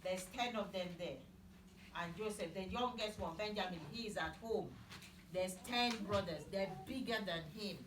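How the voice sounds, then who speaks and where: In an echoey room, picked up from a distance, a Bible teacher of medium pitch walks children through a story in plain, slow language. She keeps asking them questions, and background noise fills the recording.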